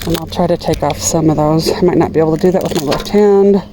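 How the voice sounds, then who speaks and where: A woman's voice: sits low, steady tone, fast, noisy background. A middle-aged woman chatting to viewers while she gathers flowers in her outdoor garden, filmed by a camera on a tripod. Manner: chatty, gushing over flowers, talks to viewers while cutting. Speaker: gardening vlogger. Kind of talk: casual garden vlog talk.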